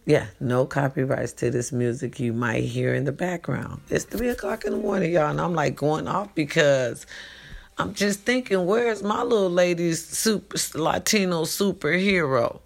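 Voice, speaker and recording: A woman's voice: rumbling low, unhurried, creaky, a little mellow. A woman talking to her followers in an emphatic late-night monologue, repeating herself and calling out to them, recorded at home. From California. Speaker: vlogger.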